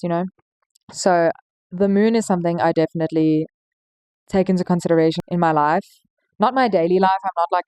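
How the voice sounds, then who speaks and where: A woman's voice: medium pitch, a little mellow, no room sound. A young woman hosting a podcast, talking in an earnest, chatty way with lots of "like"s and little laughs. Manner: chatty, earnest, laughs between thoughts, many "like"s. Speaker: podcast host. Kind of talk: casual reflective monologue.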